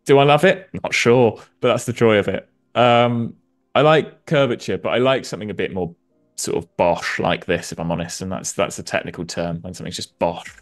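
A man's voice: on the low side, fairly quick, faint music behind. A man from southwest England with a West Country accent, a designer and comedian chatting playfully and self-mockingly while demonstrating design on a live stream. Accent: West Country English.

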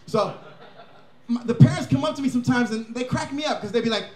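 A man's voice: very high-pitched, fast talker, a little mellow. A man doing a stand-up comedy set in a comedy club, with a brash, profane and punchy delivery. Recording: echoey live club recording.

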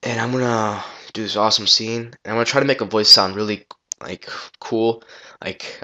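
Guy rambling thru a quick software tutorial on his gaming headset, kinda low voice, sharp tone, muffled lo-fi audio. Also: steady tone. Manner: rambling, loose, swears and restarts. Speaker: tutorial maker. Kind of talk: casual screen-recorded software tutorial.

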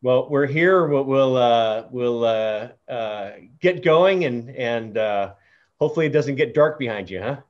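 A chatty man hosting an interview show, speaking in a halting way with many fillers and restarts. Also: mid-range voice, expressive. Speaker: show host. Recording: dull lo-fi audio.

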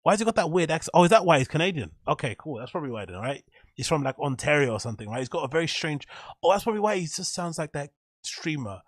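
A man's voice: a little high, no echo. Dry-sounding man riffing sarcastically. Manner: swears freely, rambling and joking. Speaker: reaction video host. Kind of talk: casual reaction commentary.

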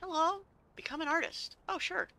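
This gaming channel host has a very high, sharp voice and talks at a moderate pace. She sits at home playing, tossing out playful remarks to herself about the game.

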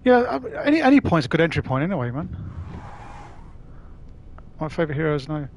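Fairly quick and very animated, a high-ish male voice with a Cockney accent belongs to a London gaming livestreamer chatting matily with viewers. He swears freely.

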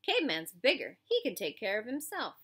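A woman playing a smooth-talking teenage gang leader. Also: on the high side, wildly swooping pitch, fairly quick, bright, forceful tone, pitched above the performer's own voice, exaggerated voice. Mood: snappish. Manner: smooth, placating.

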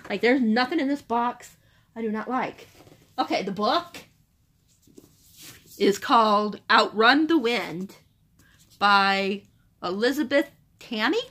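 A young woman unboxing a book subscription box in casual chat, gushing and excitable. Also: mid-range voice. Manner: gushing, excitable, repeats "oh my gosh".

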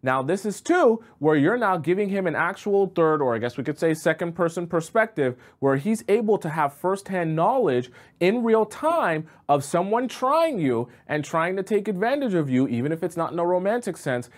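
A man's voice: high voice, big pitch swings, moderate pace, few pauses. Emphatic man giving dating advice. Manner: emphatic, instructive. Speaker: relationship advice host. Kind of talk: direct-to-camera advice monologue.

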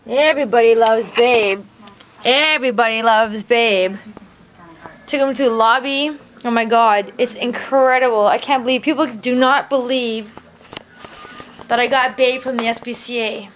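In a hotel room, a woman films a casual home-video vlog, cooing and doting over her cat and laughing often. Her voice sits on the high side with a steady tone and measured pace, and the recording is rough.

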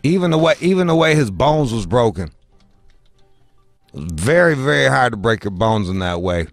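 Brief: brash male podcast host, crude storyteller, mid pitch, dry studio sound. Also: normal speed, vocal fry, dry recording, soft background music. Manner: profane, animated, mimics people in high voices.

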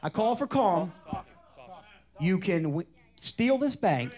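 A man hosting a television game show, teasing the contestants in an animated, joking way. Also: sits high, takes it slowly. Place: television studio stage. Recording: archival TV broadcast with loud studio audience.

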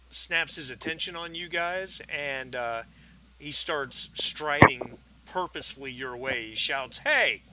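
A man narrating a tabletop game as game master, halting with fillers and restarts. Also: medium pitch, pushed and bright, slight background noise, rough recording.

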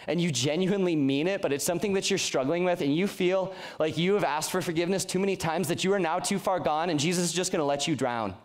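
A man's voice: fairly high pitch, quick pace, few pauses. Earnest young man preaching casually. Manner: earnest, conversational preaching with many restarts. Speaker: youth pastor. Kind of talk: sermon.

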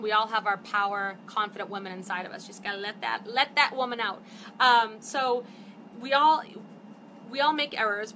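A woman in her fifties hosts a casual live stream, chatting in a bright, forceful voice that sits a little high. She talks animatedly and gets fired up, with a faint hum of room ambience behind her. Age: 50s. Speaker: network marketing host. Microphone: phone or webcam for a live stream.

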